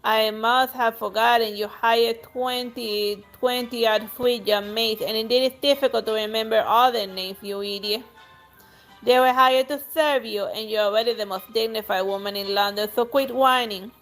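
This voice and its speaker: A surly, lazy count snaps back with dismissive sarcasm, read aloud by a woman. The voice stays a touch high, with faint music in the background. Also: fairly even intonation, moderate pace, a bit bright. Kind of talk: reading game dialogue aloud.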